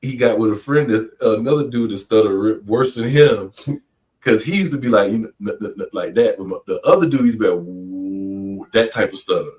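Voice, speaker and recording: A man's voice: on the low side, expressive, brisk, darkish tone, distant mic. A man, casually chatting and laughing along as co-host. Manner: laid-back, laughs along, chimes in. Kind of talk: casual chat. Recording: voice off-mic.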